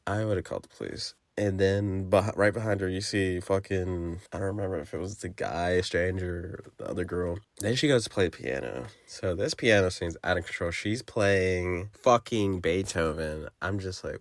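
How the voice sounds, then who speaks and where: A man's voice: deep voice, normal speed, few pauses, no echo. A young man on a podcast, recapping a horror movie in a rambling, profane way and acting out the characters' lines. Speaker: podcast film reviewer. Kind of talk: casual spoken movie recap.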